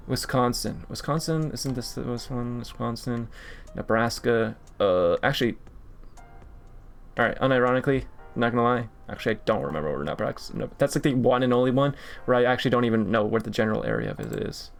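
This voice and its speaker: Casual streamer, man, gravelly mid-pitched voice, swears when annoyed, faint music behind. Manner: frustrated, swearing, talking to himself while playing. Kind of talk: casual gaming stream commentary.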